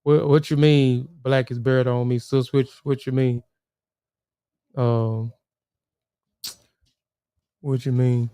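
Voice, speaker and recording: A man talks loosely to his livestream chat, circling back and repeating himself. His voice is smooth and resonant, with a dry, close sound. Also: mid-range voice, flat delivery, slow pace, pauses often, warm tone, no echo. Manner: rambling, repeats words, addresses chat viewers. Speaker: livestream host.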